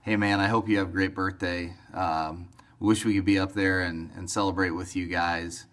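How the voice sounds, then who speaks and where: A man's voice: low voice, steady tone, moderate pace. A man in his forties giving an earnest, encouraging birthday message.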